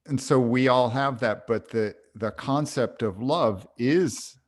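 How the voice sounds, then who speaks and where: A man co-hosting a podcast, speaking slowly and thoughtfully about love and parenting. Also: medium pitch. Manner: slow, thoughtful, reflective. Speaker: podcast co-host. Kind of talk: reflective conversation.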